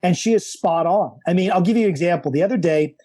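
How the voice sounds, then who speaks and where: Male coach guest, middle-aged, emphatic and animated, high pitch with a warm, dark tone. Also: fast. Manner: animated, emphatic, repeats key words. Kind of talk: enthusiastic explanatory conversation.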